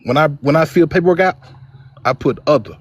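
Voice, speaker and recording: A man's voice: on the high side, slightly rough, dry recording. Reflective man, dry sound. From Mississippi, USA. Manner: reflective, halting, repeats words. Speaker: debate participant. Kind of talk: personal testimony in an online debate.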